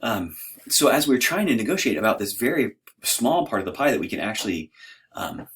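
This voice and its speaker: A man's voice: medium pitch, big pitch swings, fairly quick, a bit bright, slightly rough. A man giving an informal, conversational lecture in a hesitant, self-deprecating way.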